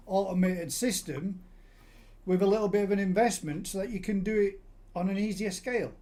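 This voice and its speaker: A man in middle age hosts a casual live stream chat. He rambles through stories with frequent restarts, his voice pitched slightly high for a man. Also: fairly quick, warm tone. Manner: chatty, rambling storyteller with many restarts. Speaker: host. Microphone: live stream call.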